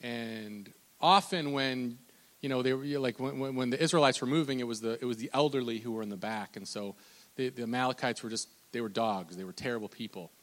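A man's voice: mid-range voice, fairly quick. A man preaching a sermon as a pastor, impassioned and repetitive, often restarting his phrases and stammering repeated words. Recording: long hall reverb.

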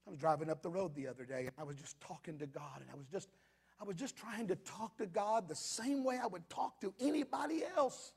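A male pastor, preaching an impassioned sermon that builds to shouted crescendos. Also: high-pitched, fairly quick, vocal fry, slightly rough.

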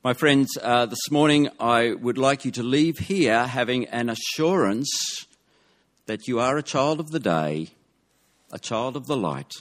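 A man preaching a sermon, measured and emphatic, dropping his voice on key words. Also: mid-range voice, lively intonation.

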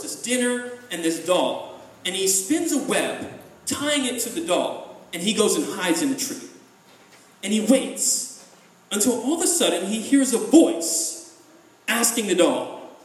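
A man telling a folk tale in a lively, chatty way with asides to listeners, recorded in an echoey room from a distance. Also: high-pitched. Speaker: storyteller.

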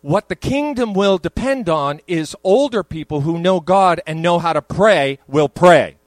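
An older pastor delivers a sermon in his church, swinging from casual asides to emphatic high points. He speaks in a high-pitched, expressive voice without hurrying, on a low-quality recording with no room sound.

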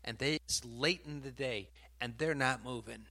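A man preaching a sermon, animated and building to emphatic outbursts, stopping now and then to sort out his slides. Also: medium pitch. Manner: pauses mid-talk to sort out slides.

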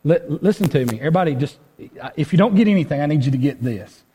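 High-voiced preacher. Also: male voice, lively intonation, quick pace, dark tone, husky. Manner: conversational preaching with frequent rhetorical questions. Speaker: pastor. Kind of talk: sermon.

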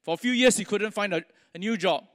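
A male pastor delivers a sermon, telling stories with pauses and small restarts. His voice is high for a man and fairly bright, with long church-hall reverb trailing each phrase.

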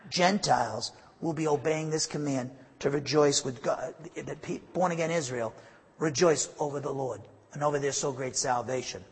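A man's voice: on the high side, breathy edge, in a large hall. A man preaching a sermon as pastor, emphatic, with frequent asides and restarts.

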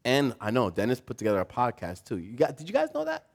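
Animated man preaching a sermon. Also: mid-range voice, quick pace, gravelly, breathy edge. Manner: animated, acts out quoted voices, asks the audience questions. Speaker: pastor. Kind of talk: sermon with storytelling.

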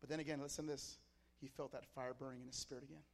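A male pastor preaching a sermon with passion, telling a story and rising to shouts. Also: medium pitch, level tone, fast, pauses often, long reverb tail.

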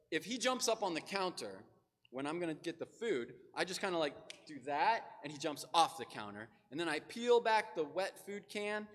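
A man delivers a sermon in a loose, talky style, full of asides. His slightly high voice swings up and down a lot. The sound carries a long reverb from a large hall. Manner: lively, conversational with casual asides.

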